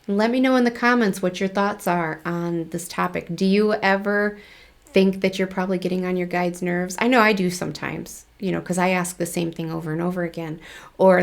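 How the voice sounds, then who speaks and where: Gravelly-voiced woman chatting to her viewers. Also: lowish voice. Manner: chatty, laughs often, acts out dialogue. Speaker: spiritual channel host. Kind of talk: casual talk to camera.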